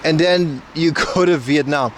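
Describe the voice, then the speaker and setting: A young man talks to his livestream viewers in a loose, joking way, ribbing them as he goes. His voice sits a little high for a man. Faint street noise carries on behind him outdoors. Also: unhurried. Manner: joking, banter with chat. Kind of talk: casual IRL stream chat.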